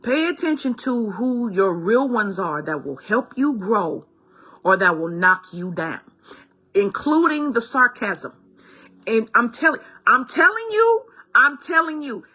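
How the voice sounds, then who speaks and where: A bright, husky woman delivers an impassioned spiritual card reading. She speaks straight to her listeners and calls them baby and her loves. Her tone is exclamatory and heartfelt. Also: on the high side, lively intonation, measured pace. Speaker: spiritual guide.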